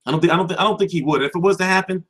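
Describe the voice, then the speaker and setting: A man's voice: sits high, racing, fairly bright tone. A young man hosting a boxing channel, answering viewers in a heated, profane livestream chat.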